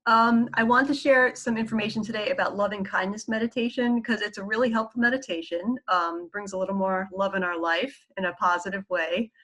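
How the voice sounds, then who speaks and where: A woman's voice: medium pitch, steady tone, fairly quick, few pauses, pushed and bright, rough recording. A woman with a New York accent, a psychologist explaining meditation in a casual, chatty way, often checking in with "okay" and a few "um"s. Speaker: psychologist teaching mindfulness. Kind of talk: casual instructional talk.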